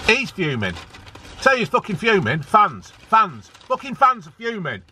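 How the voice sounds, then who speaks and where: A man's voice: high-pitched, wildly swooping pitch, a little slow, sharp tone, a little hiss or hum. A man ranting angrily as a football fan vlogger, swearing a lot and repeating himself for emphasis. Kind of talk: angry ranting vlog.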